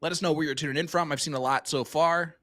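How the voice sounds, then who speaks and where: Fast, bright-voiced darts commentator. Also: male voice, a little high, fairly even intonation. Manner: upbeat, chatty, reads promos quickly. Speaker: darts commentator and stream host. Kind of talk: live darts commentary with sponsor reads.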